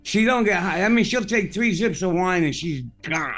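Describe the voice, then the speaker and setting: A man's voice: high-pitched, expressive, moderate pace, a bit bright. A man hosting a podcast, chatting casually as a rambling, profane storyteller. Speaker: podcast host. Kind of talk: casual chat.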